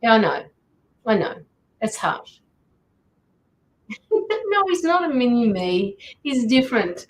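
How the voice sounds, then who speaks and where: A woman's voice: fairly high pitch, big pitch swings, slow, pauses often, poor audio. An Australian woman hosting a tarot livestream, chatting casually and greeting viewers as she reads out their comments. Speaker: tarot reader and livestream host.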